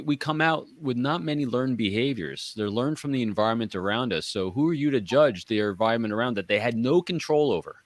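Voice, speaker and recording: A man's voice: mid-range voice, dry recording. New York man co-host, earnest advice-giver, dry close sound. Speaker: podcast co-host. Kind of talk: casual panel chat.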